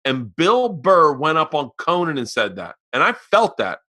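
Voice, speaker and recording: A middle-aged man hosting a podcast, telling stories in loud, profane casual chat and acting out the people in them. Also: fairly high pitch, very animated, normal speed. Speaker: podcast host.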